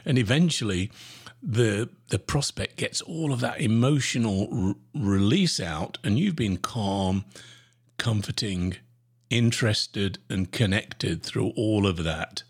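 A man with a low, husky voice talks straight to the listener in a solo podcast. His delivery is emphatic and lively, leaping up in pitch to stress points. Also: slow pace. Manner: animated, emphatic coaching delivery with sudden pitch jumps. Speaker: sales trainer podcast host.

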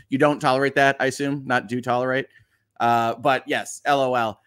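A man's voice: medium pitch, flat delivery, moderate pace, a bit bright, clean tone. A man hosting a casual live stream, reading viewer comments in an upbeat, chatty way with frequent laughs. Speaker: livestream host and lawyer.

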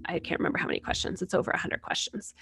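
A woman guest explaining personality types in a casual interview, animated and laughing often as she acts out examples. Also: racing, slight background noise. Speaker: certified personality type coach, guest.

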